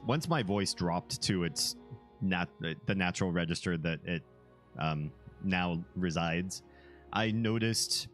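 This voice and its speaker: Male streamer with a very deep bass voice; loose, rambling casual chat with frequent chuckles, soft music behind. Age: young adult to middle-aged, a parent. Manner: rambling, easygoing, chuckles often.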